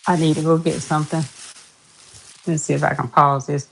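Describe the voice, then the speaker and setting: A woman's voice: sits low, level tone, normal speed, vocal fry. A woman hosting a casual live stream, chatty and greeting viewers over and over. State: out of breath.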